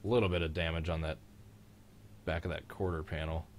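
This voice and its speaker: A young man hosting a live-streamed race reaction, joking and excitable in casual commentary. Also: sits low, brisk, a little hiss or hum. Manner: joking, excitable, mild swearing. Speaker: host of a live-streamed racing reaction show.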